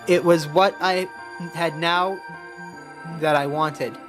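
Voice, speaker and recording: A man's voice: fairly high pitch, steady tone, slow pace, music in the background. A man voicing a grave male figure recalling a painful past, in a robot voice while reading game dialogue.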